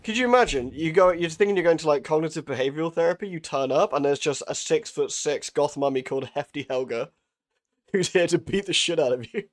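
A man's voice: fairly high pitch, quick pace. A young man chatting casually while live-streaming a horror game, joking, swearing and laughing often.

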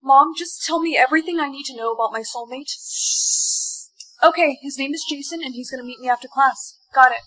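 A woman playing a sassy, quick-tempered young woman in a TikTok POV skit. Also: high-pitched, fairly bright tone. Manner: sassy, snappy comebacks.

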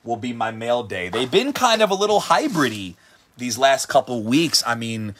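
A male livestreamer hosting a card break reads off player names in casual commentary, growing excitable to the point of shouting at big hits. He's tired and hungry this late in a long stream. Medium pitch, normal speed, with slight background noise.

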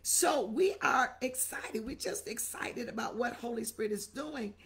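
An exuberant middle-aged woman preacher, her voice sitting a little high. She repeats phrases and calls out to her listeners by name as she preaches on a livestream. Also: a little slow, fairly bright tone. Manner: exuberant, repetitive, calls out viewers' names. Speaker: bishop and preacher. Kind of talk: livestream sermon, greeting viewers.

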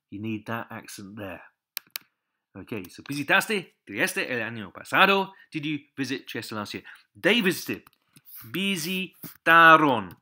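Here a male Spanish teacher speaks in a mid-range, bright voice with a forceful, slightly rough tone. Patiently working step by step, he repeats every word and keeps drawing attention to the accents.

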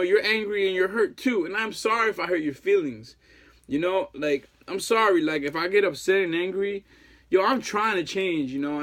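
A man in his thirties, a jilted ex-boyfriend, delivering a rambling, pleading monologue full of slang and repeated fillers. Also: high-pitched. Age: 30s. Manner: casual profane slang.

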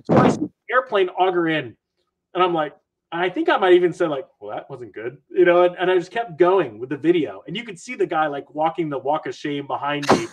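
Male finance creator, podcast guest, expressive and self-deprecating, upbeat chatter. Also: sits high, brisk, lo-fi sound. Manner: animated storyteller, jokey and self-mocking. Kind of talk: casual podcast chat.

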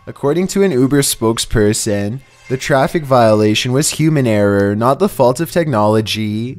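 A man reading a scripted narration for a countdown video in an even, measured way. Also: medium pitch, faint music behind.

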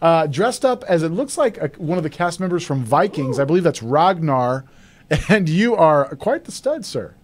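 A man co-hosts a talk radio show with a voice on the high side. He is upbeat and eager, piling on compliments and cheerful plugs for the program. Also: sing-song, moderate pace. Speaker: radio co-host. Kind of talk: casual talk radio banter.

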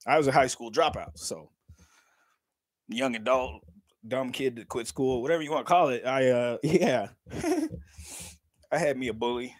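A man's voice: medium pitch, moderate pace, pauses often, no echo. A man, chatting casually on a livestream, joking, laughing often and swearing freely. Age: 30s. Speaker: livestream vlogger.

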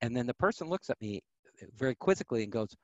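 Animated middle-aged man telling stories. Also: mid-range voice, fast, dry recording, highs cut off. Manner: animated, acts out quoted voices. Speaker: podcast guest. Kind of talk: storytelling interview.

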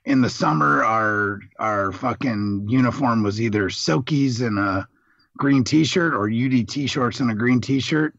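A man's voice: mid-range voice, a little slow, vocal fry, a bit bright, no echo, dull audio. A middle-aged man, a Marine veteran guest, telling rambling, profane stories in casual chat.

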